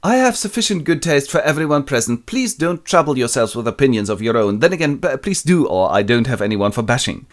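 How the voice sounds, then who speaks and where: A man's voice: medium pitch, sing-song, a little fast, hardly any pauses, voice pushed up, close to an everyday voice. A man voicing a haughty, domineering aristocratic lady who speaks condescendingly. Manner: condescending, imperious.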